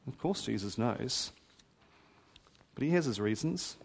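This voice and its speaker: A man's voice: mid-range voice, lively intonation, measured pace, gravelly. A man preaching a sermon in a conversational, wry storytelling manner. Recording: hall reverb.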